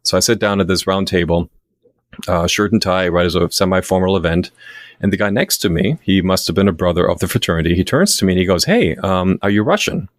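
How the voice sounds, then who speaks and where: A man in his thirties, a guest author telling lively stories in an interview, laughing often and acting out what others said. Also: low voice, fairly quick, no room sound. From Germany. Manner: animated storyteller, laughs often, acts out quoted lines. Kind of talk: storytelling interview.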